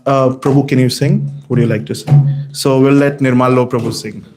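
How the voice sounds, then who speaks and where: A man giving a scripture class in a temple hall, telling the stories with animated energy and many fillers. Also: medium pitch, moderate pace, over loud music. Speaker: class speaker.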